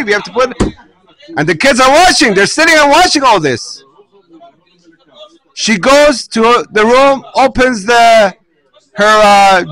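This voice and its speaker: A man, a rabbi, giving a weekly Torah class in English with Hebrew terms and telling stories in an animated way. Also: high voice, low-quality recording.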